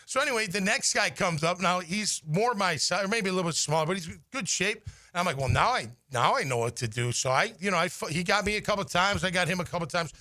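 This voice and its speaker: Man, self-mocking storyteller, high voice, dry studio mic, sports radio chat. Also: quick pace, hardly any pauses, no room sound. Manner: lively, self-mocking storyteller who acts out quotes. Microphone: studio microphone.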